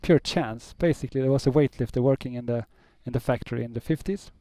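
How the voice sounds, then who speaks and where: A man being interviewed as his company's chief executive. His voice is mellow and somewhat dark, and he speaks hesitantly with frequent fillers and restarts. The recording is close and dry. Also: mid-range voice, fast, dry recording. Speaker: company CEO, guest. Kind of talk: interview answers.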